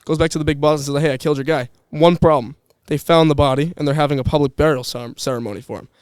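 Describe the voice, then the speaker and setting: A man's voice: on the high side, fairly even intonation, fast talker, darkish tone, clear, resonant tone, no room sound, clean studio sound. A young man chatting casually on a podcast, telling rambling stories with restarts and laughs. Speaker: podcast guest, former employee. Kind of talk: casual chat.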